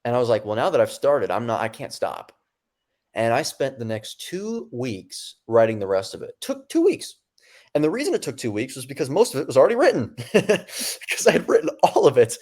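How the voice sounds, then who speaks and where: A young man in his twenties, a podcast guest telling his own story in a casual, animated way, often acting out what people said. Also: medium pitch, brisk. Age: 20s. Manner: animated, acts out quoted dialogue; casual, many fillers and restarts. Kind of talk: storytelling in an interview.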